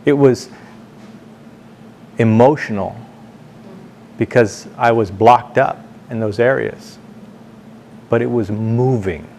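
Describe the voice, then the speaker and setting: A man speaking to a board meeting, telling anecdotes in a halting way, repeating words and slowing down for emphasis. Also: mid-range voice, darkish tone, slight background noise. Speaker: board member addressing the board. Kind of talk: storytelling speech to a meeting. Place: meeting room, speaking standing before a group.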